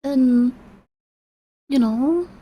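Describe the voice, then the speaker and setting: High-voiced woman chatting on stream. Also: drawn-out words, slightly rough, highs cut off. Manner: rambling, apologetic, emotional, many restarts. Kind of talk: casual livestream chat.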